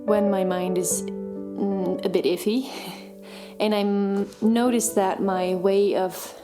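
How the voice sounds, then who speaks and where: A woman's voice: mid-range voice, steady tone, slow, music in the background. Chatty woman vlogging at home. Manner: chatty, self-deprecating, laughs often, talks to her puppies. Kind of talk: casual vlog narration. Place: home living room. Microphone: camera mic, moved around.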